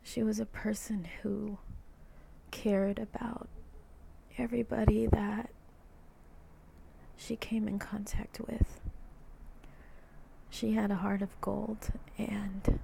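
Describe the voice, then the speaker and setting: A hoarse woman with a cold, talking as a concerned mother in a personal video message, hesitant and halting with soft, half-whispered words. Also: mid-range voice, little pitch movement, a little hiss or hum.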